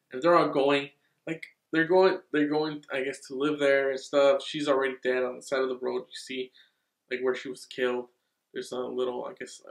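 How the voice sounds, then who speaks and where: A man reviewing a horror movie in a rambling, excitable way, swearing freely. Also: medium pitch, reverberant.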